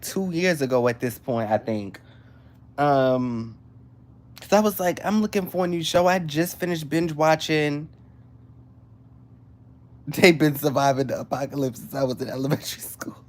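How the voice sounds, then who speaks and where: A woman, hosting a casual livestream and chatting excitedly with viewers. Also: deep voice, normal speed. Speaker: livestream host.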